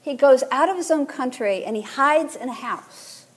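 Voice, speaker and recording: A woman priest giving a sermon in a relaxed, conversational teaching manner, drawing the congregation in to repeat words. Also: sits high, normal speed, husky.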